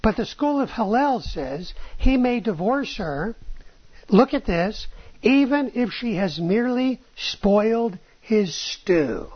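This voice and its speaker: Teaching a class on rabbinic texts, a woman keeps checking in with "right?" and "okay?" and poses rhetorical questions. Her medium-pitched, husky voice is animated yet unhurried, captured in a dull lo-fi recording.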